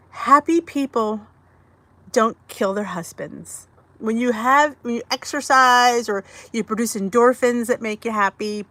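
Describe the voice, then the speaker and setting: A woman's voice: fairly high pitch, fairly bright tone, no room sound. A woman hosting a casual livestream from her phone indoors, chatting and greeting viewers by name. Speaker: livestream host.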